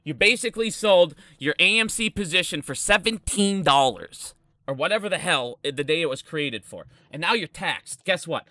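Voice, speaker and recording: A man's voice: on the high side, lively intonation, moderate pace, pushed and bright, no room sound, clean studio sound. A man hosting an unscripted stock commentary video, ranting in a heated, profane way and restarting his explanations often. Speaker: stock market video host.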